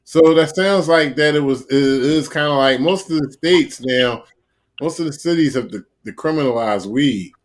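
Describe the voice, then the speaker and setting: A man's voice: a little high, normal speed. A man hosting a casual online panel chat, firmly steering who talks and when. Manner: steers the talk, cuts in firmly. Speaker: host.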